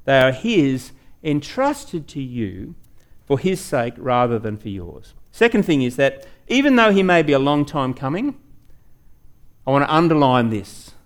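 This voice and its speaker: A man preaching a sermon as pastor, emphatic, slowing down to stress key words and questioning his congregation directly. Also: very animated. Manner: rises and falls sharply in pitch and loudness.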